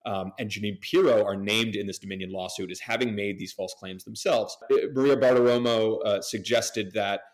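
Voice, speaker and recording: A man guest, a media editor, answering interview questions thoughtfully with frequent pauses and fillers. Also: on the low side.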